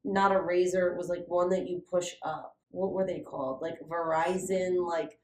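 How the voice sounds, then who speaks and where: Speaking at a moderate pace in a fairly low voice, a young adult woman co-hosts a podcast and recounts a story. The sound is echoey, and she's lively, swearing and leaning heavily on "like."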